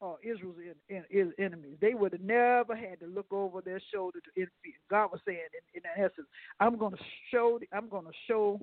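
A man's voice: high-pitched, expressive, fast, hardly any pauses, no echo. A man giving a folksy radio sermon as a guest preacher, stumbling over words now and then and talking straight to his listeners. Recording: phone-line audio, dry.

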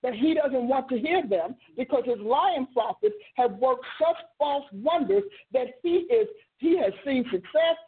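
A woman teaches scripture in a high, husky voice, telling the story with emphatic, stretched-out stresses. She hosts a ministry show. The sound is narrow and tinny, like a phone call. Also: animated, unhurried, hardly any pauses. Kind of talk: teaching sermon.

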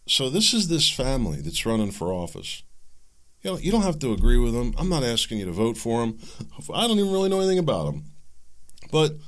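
A man hosting a podcast, giving a political commentary monologue in an animated way, worked up and sarcastic, jittery from coffee. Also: fairly low pitch. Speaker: podcast host.

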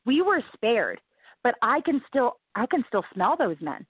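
A woman's voice: fairly high pitch, big pitch swings, unhurried, slightly rough, dry recording. A woman guest from the American South telling her own life story in an interview, earnest and emphatic, often repeating herself. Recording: tinny phone-like line.

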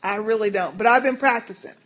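A woman with a Texan accent co-hosting a podcast in a chatty, animated way, reading listener emails aloud. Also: medium pitch, fast talker, poor audio. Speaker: podcast co-host. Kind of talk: casual chat.

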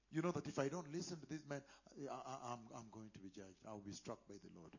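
A man preaching a sermon, moving between quiet asides and loud impassioned declarations. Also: medium pitch, moderate pace, breathy edge, dull audio.

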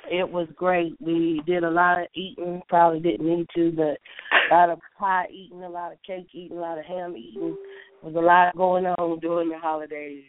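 A woman's voice: on the low side, little pitch movement, normal speed. A woman guest financial coach on a radio interview, cheerful and easygoing. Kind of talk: radio interview on a phone line. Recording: tinny phone-line audio.

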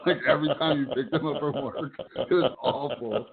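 A man's voice: fairly high pitch, steady tone, a little fast, creaky, crowd noise. A man co-hosting a podcast in casual chat, laughing often and leaning hard on "like". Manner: laughing, filler-heavy, says "like" a lot. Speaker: podcast co-host. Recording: tinny phone-like line.

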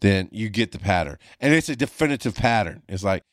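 Profane storytelling man, low and dry. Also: brisk, no echo. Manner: animated, profane, voice jumps high when reenacting panic. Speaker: paramedic podcast host. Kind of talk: casual storytelling monologue.

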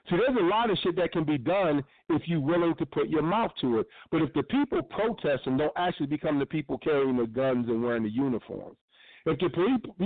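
A man's voice: fairly high pitch, dry recording. Impassioned man on a tinny line. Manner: blunt, profane, preaching. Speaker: radio show host. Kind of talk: impassioned commentary. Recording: tinny phone-line sound.

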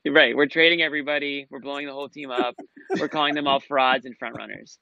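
A man's voice: medium pitch, fairly even intonation, quick pace, vocal fry, pushed and bright, muffled recording. A man in a casual sports chat, emphatic and swearing freely. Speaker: sports podcast regular.

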